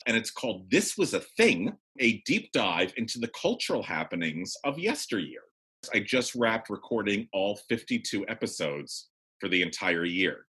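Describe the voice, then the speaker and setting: A man, a cabaret producer and director, talking in a casual podcast interview in an animated way with frequent restarts. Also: on the low side, slightly rough.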